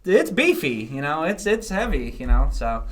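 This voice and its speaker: A man's voice: fairly high pitch, sing-song, normal speed. A man, a band's vocalist, telling stories in casual podcast chat, swearing and laughing often. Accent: New Jersey. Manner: laughing, storytelling, swearing freely. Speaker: band vocalist guest.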